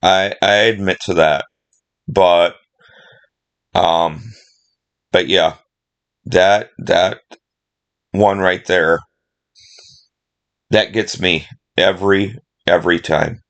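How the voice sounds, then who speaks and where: A man's voice: low-pitched, fairly even intonation, very slow, pauses often, a bit bright. A middle-aged man rambling casually about movies he loves, emotional and full of fillers. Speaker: movie vlogger.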